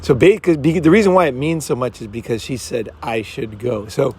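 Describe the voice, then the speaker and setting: A man's voice: mid-range voice, brisk, a little mellow, breathy edge. Rambling, blunt man coaching on dating. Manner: rambling, keeps asking "right?"; blunt, swears freely. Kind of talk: casual commentary.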